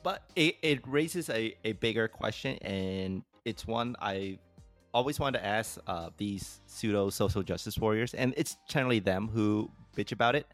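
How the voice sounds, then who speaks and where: A man's voice: on the low side, moderate pace, faint music behind. A man in his thirties from San Jose with a Bay Area accent, co-hosting a casual podcast, rambling and restarting his sentences. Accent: Bay Area American. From San Jose, California. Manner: rambling, self-interrupting, laughs easily. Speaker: podcast co-host.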